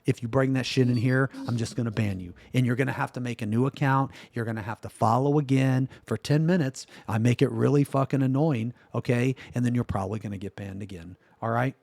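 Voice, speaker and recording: A man streaming live, ranting in a profane, exasperated way that swings from loud outbursts to low muttering. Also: a little fast, creaky, hardly any pauses. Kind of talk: livestream reaction rant.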